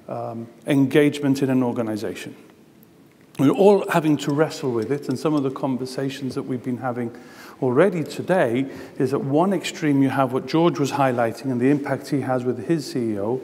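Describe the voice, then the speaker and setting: A man's voice: medium pitch, a little mellow. A man with a Gibraltarian accent giving a chatty conference talk, with many ums. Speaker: conference speaker. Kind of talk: conference presentation. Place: conference hall. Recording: long hall reverb.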